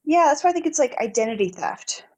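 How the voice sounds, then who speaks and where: A woman's voice: high-pitched, very animated, fast, darkish tone. A woman who is a nurse, co-hosting a casual recap chat and making wry, joking asides. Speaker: podcast co-host, nurse.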